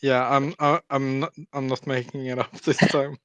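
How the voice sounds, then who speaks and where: A man's voice: medium pitch, little pitch movement, normal speed, a bit bright, clear, resonant tone, no echo. A man co-hosting a casual streamed chat, teasing and stammering through restarts. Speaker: podcast co-host.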